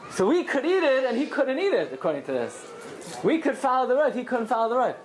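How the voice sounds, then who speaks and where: A woman teaching a lively Talmudic lesson, acting out quoted voices and asking and answering her own questions. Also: high voice, fast talker. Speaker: Torah teacher.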